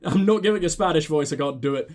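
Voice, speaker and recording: A man's voice: a little high, fast talker, darkish tone. A man hosting a let's play, joking wryly through his gameplay commentary. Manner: wry, joking, with laughs and restarts.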